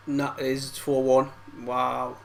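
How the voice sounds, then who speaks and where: A man's voice: medium pitch, monotone, a little slow, gravelly. A young man reacting to a football match live, frustrated and swearing, full of banter. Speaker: football fan streamer. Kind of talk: live match watch-along commentary.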